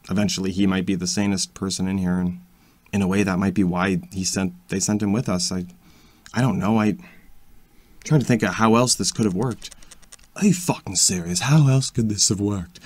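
A man's voice: lowish voice, no echo. A man speaking in character during a role-play, swearing constantly and often stopping to restart his sentences. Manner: halting, with frequent restarts.

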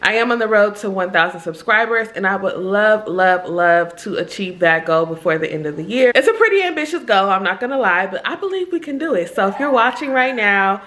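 A woman vlogger chatting casually to her viewers, upbeat and fast-talking, with slangy phrasing. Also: mid-range voice, lively intonation, a bit bright. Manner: upbeat, chatty, uses slang like "giving vibes". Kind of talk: casual vlog chat to camera.

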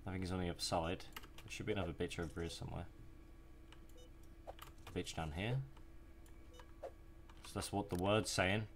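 Brash, deep-voiced young man gaming. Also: steady tone, moderate pace, long pauses, background noise. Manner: brash and profane, taunting game enemies. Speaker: gaming YouTuber. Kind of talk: casual gameplay commentary. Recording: music playing behind the voice.

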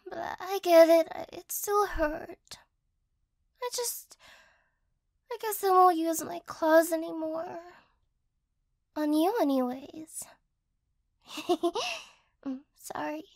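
A woman voicing a sleepy, apologetic cat-girl girlfriend in a whispered role-play, speaking softly and hesitantly close to the mic. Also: very high-pitched, takes it slowly, long pauses, dry recording, exaggerated voice. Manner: soft, gentle, hesitant and apologetic. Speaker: ASMR role-play artist.

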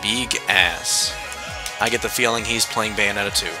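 A man's voice: on the low side, moderate pace. Young guy yapping over his smash match, game music going underneath. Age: young adult. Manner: excitable, joking commentary on the match. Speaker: gaming YouTuber. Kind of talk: live game commentary. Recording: game music and sound behind the voice.

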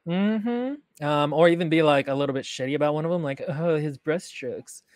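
A woman's voice: low voice, expressive, brisk, darkish tone, no echo. Dry-voiced, frank female podcast critic. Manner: frank, wry and analytical, with many fillers. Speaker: podcast host and writing critic. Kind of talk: casual critique chat.

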